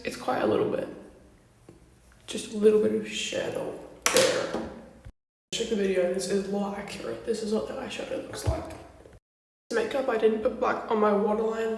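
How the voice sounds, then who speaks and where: A woman's voice: medium pitch, steady tone, moderate pace, darkish tone, slight background noise. A young woman chatting casually through a makeup tutorial, blunt and swearing freely. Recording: very echoey room, distant from mic.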